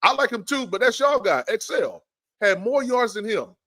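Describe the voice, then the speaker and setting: A man hosting a sports podcast, ranting in an animated, exasperated way with stammering repeats. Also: high voice, normal speed. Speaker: podcast host. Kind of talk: fired-up sports podcast rant.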